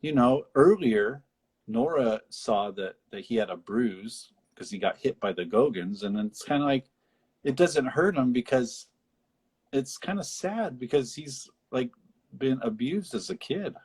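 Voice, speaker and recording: A man co-hosting a casual podcast, recapping a film in a rambling, animated way with frequent laughter. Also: medium pitch, measured pace, breathy edge. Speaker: podcast co-host. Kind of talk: casual film discussion chat.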